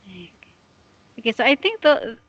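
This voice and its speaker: A woman tutoring English one-on-one, patiently and slowly correcting a student's pronunciation. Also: on the high side, sing-song, a bit bright, dry recording. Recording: dull lo-fi audio.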